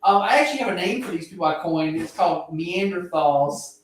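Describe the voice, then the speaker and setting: A man's voice: high voice, lively intonation, brisk. A man co-hosting a podcast, rambling casually with lots of restarts and swearing. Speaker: podcast co-host. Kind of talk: casual chat. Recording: echoey room, far from mic.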